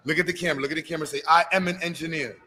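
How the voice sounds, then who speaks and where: A man's voice: fairly high pitch, fairly even intonation, very fast, bright, forceful tone, a little hiss or hum. Upbeat man hyping up a kid. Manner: coaxing, playful, hype call-outs. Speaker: event host. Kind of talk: energetic live event hosting. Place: live expo event.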